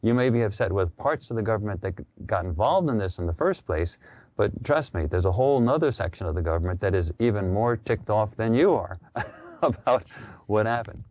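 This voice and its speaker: Low-voiced man on dull radio audio. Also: expressive, fairly quick, darkish tone. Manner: conversational, storytelling with quoted voices. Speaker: interview guest. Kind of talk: casual radio interview.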